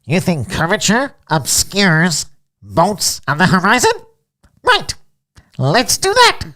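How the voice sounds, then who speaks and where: A man's voice: sits high, wildly swooping pitch, slow pace, sharp tone, pitched above the performer's own voice, heavily acted. A man putting on a nasal, annoying voice to mock another man.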